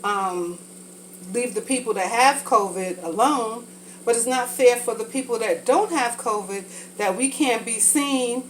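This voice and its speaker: While cooking for her vlog, a woman chats openly and rambles from thought to thought, her fairly high voice a little stuffy from a sinus infection. The recording is low quality, with a little hiss or hum.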